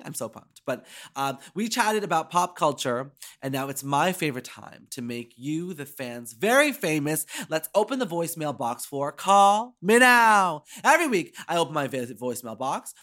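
A woman's voice: low voice, sing-song, moderate pace, few pauses, a bit bright, faint music behind. A podcast host who chats animatedly, gushing and filling her talk with "like". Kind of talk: casual chat.

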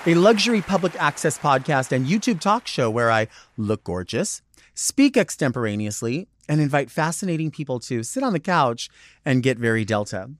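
A man's voice: mid-range voice, big pitch swings, normal speed. A man hosting a podcast alone, chatting in a rambling, digressive way full of fillers. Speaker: podcast host. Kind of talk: casual solo monologue.

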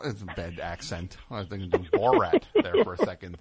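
Animated, joking male radio host. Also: sits low, fairly quick, breathy edge. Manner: joking, rambling tangents, teasing. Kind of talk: comedic call-in radio banter.

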